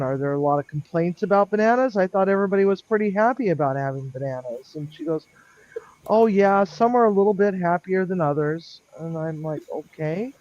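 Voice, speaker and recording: A man telling a long work story on a live stream in a rambling, chatty way, with lots of ums and lively quoted dialogue. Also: on the high side, dry recording. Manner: chatty, lots of ums, animated when quoting others. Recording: dull lo-fi dry sound.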